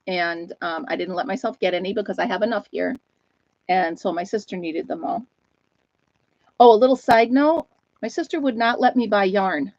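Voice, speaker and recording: A chatty woman hosting a casual live stream, rambling through her stories and pausing to greet viewers by name. Her voice is close and dry with no room around it, and the sound is a little dull and lo-fi. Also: medium pitch, darkish tone, dry recording. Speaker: host of a live chat stream.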